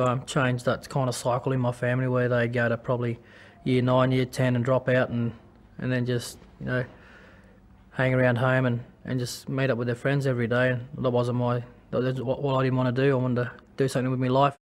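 An Australian man talking about his own life in a personal testimony. He speaks in a halting way, with many restarts and fillers. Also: medium pitch, completely flat delivery. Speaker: former rugby league player.

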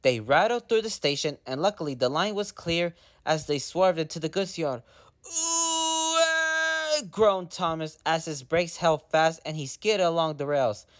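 A man reading a children's storybook aloud in a steady, gently expressive way. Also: on the high side, normal speed, few pauses. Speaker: storybook narrator.

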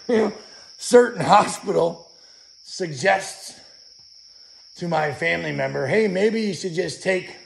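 A man hosting his own channel, venting outdoors in an angry, profane, shouting rant, his voice hoarse from yelling. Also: on the high side, a little hiss or hum. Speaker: channel host.

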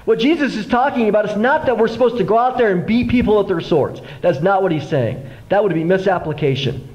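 A middle-aged man preaches as pastor in a church sanctuary, talking fairly quickly in a high-pitched voice, with highs cut off. Through animated storytelling, he acts out the voices of the people he describes.

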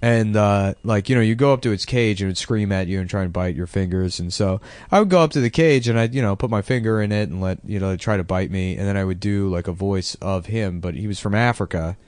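A man's voice: fairly low pitch, fast talker, hardly any pauses, darkish tone, no echo. A man co-hosting a comedy podcast, telling crude rambling anecdotes in casual banter. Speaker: podcast co-host.

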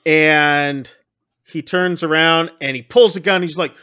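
A man casually recapping a film on a podcast, acting out the lines with big jumps in pitch. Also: measured pace, sharp tone, clean tone. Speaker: podcast co-host. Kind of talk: casual movie recap chat.

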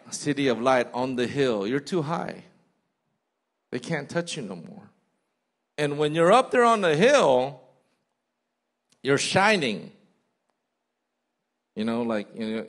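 Man, pastor, sermon, lively pitch, conversational preaching, quoted asides. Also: moderate pace, pauses often. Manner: animated preaching, mimics people in quoted asides. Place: church sanctuary.

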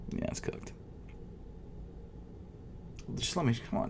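A man who vlogs about sneakers, commenting casually while trying to buy shoes online, muttering in frustration and jumping between loud outbursts and whispers. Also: medium pitch, wildly swooping pitch, unhurried, heavy background noise. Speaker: sneaker vlogger.

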